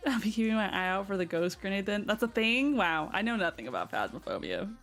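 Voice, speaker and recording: A woman with a Southern American accent, chatting casually with her live stream viewers while she plays, giggling often and greeting newcomers brightly. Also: medium pitch, sing-song, fairly quick, faint music behind. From Southern United States.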